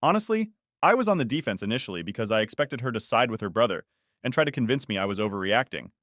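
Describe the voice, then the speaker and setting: A man narrating first-person stories in an even, unhurried storytelling read. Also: medium pitch, no echo, clean studio sound. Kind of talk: scripted narration.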